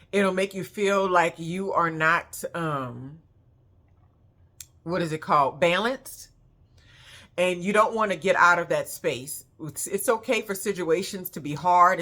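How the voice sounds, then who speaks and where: In a lowish, slightly bright voice, a spiritual vlogger, an adult woman with children, delivers a casual heartfelt monologue on emotional release. She sounds earnest, reflective and encouraging.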